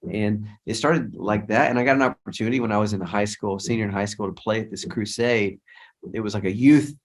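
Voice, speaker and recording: Low-voiced man telling a story. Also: steady tone, fairly quick. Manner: rambling, with frequent restarts and quoted dialogue. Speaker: guest songwriter and worship leader. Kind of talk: storytelling in a casual interview.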